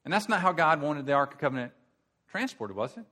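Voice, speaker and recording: A man's voice: on the high side, very animated, fast talker. Conversational male preacher with rising emphasis. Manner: conversational, rhetorical questions, rises to forceful emphasis. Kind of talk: expository sermon.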